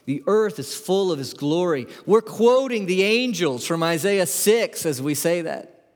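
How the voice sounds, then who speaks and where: Preacher with a lively, questioning delivery. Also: male voice, sits high, a little slow, in a large hall. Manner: conversational, asks the congregation questions. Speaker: pastor. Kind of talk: sermon. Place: church sanctuary.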